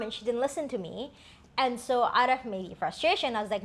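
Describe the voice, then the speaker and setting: Woman co-host, fairly high voice, candid and reflective, casual personal storytelling. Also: expressive, moderate pace, a bit bright. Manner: candid, reflective, many fillers.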